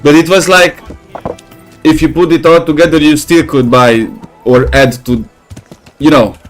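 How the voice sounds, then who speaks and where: A man giving casual gameplay commentary, rambling and swearing, who gets animated when he tells stories. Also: a little high, unhurried, faint music behind. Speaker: gaming channel host.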